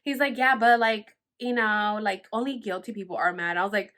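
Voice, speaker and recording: A woman telling a story in a casual, blunt and animated way, swearing freely and saying "like" a lot. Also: a little high, fast, few pauses, slight background noise. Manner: heavy use of "like". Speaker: podcast host.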